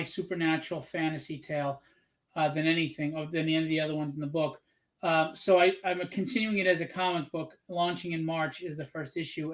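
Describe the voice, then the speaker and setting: A man co-hosting a casual live drawing stream, chatting and joking while plugging his book. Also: a little high.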